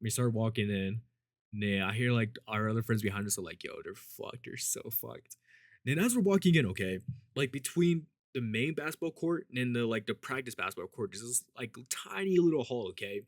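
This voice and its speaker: An animated man tells a story a little fast, captured at studio quality with no room sound. His delivery is casual and rambling, peppered with profanity and the fillers "like" and "you know," and he plays out quoted people by altering his pitch and loudness.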